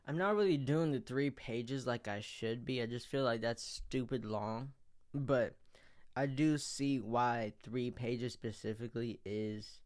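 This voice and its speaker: A man's voice: mid-range voice, smooth. A young man giving a casual reflective check-in, rambling and hesitant, full of fillers and the odd swear. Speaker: vlogger.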